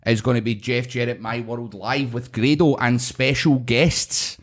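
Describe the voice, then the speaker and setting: A man's voice: medium pitch, steady tone, measured pace. A man with a Scottish accent hosting a podcast, telling stories in casual, sweary banter with a lot of laughter. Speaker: podcast host.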